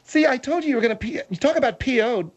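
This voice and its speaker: A man's voice: very high voice, animated, quick pace, dull audio, pitched above the performer's own voice, full character voice. A man playing a prudish older woman who scolds everyone in the studio with indignation. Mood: indignant. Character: prim, prudish older woman named Margaret.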